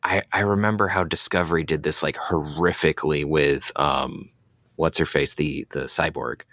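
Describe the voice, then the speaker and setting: A man co-hosting a podcast, giving relaxed and wry commentary in casual chat. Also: very deep voice, moderate pace, vocal fry, no room sound, clean studio sound. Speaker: podcast co-host.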